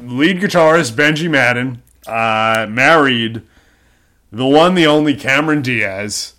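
A man's voice: mid-range voice, a little slow, pushed and bright. A young man co-hosting a casual podcast chat, joking and reading posts aloud with bursts of laughter. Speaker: podcast co-host.

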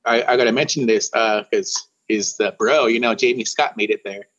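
A man from Warm Springs, Oregon, telling a story in a casual interview, often restarting and repeating words and calling the host "bro". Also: on the low side, normal speed, muffled recording. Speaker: guest musician.

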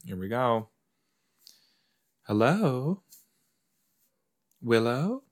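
Very animated and drawing out his words, this medium-pitched podcast host reacts aloud to an episode he's watching, keeping the watch-along commentary casual and chatty.

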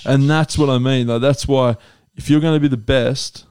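A young man co-hosting a casual sports podcast, telling stories with slow, dramatic pauses. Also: medium pitch, fairly even intonation, a little mellow, clear, resonant tone, dry recording, clean studio sound. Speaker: podcast co-host.

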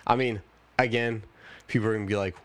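A man's voice: on the low side, steady tone, fast, a bit bright. A young man co-hosting a podcast in casual chat, earnest and reflective, often hedging his views. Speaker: podcast co-host.

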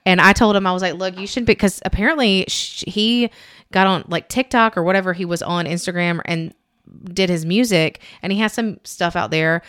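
Chatty woman, smooth voice. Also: lowish voice, brisk, a bit bright, no room sound, clean studio sound. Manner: rambling, chatty, heavy use of "like", acts out quotes. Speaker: podcast co-host. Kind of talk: casual chat, storytelling.

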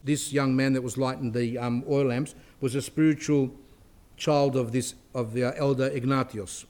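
A man's voice: mid-range voice, steady tone, moderate pace, a little mellow. A middle-aged man, a priest, giving a spiritual talk in a conversational way, with restarts and asides.

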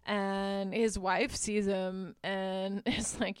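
A woman's voice: medium pitch, little pitch movement, slow, hardly any pauses, clean tone, no echo, studio quality. A woman hosting a podcast, casually recapping a movie in a chatty, amused way with lots of filler words. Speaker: podcast host.

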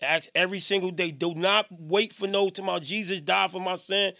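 A middle-aged man hosting a radio show, talking in a casual, preachy monologue that swings between loud emphasis and quiet, repeating himself as he goes. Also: sits high, steady tone, brisk, gravelly, no echo, clean studio sound. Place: radio station studio.

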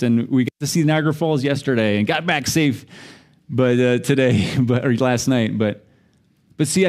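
A man's voice: mid-range voice, a little mellow. A middle-aged man from the United States, a pastor preaching a sermon in a chatty, self-deprecating storytelling way. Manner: conversational, self-deprecating, laughs while telling stories.

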